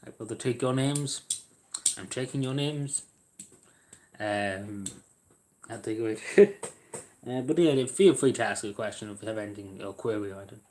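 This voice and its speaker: A livestream host chats casually with his viewers from home in a squeaky chair, rambling and hesitant with many fillers and restarts. His voice is on the low side and darkish at a normal speed, with a little hiss or hum.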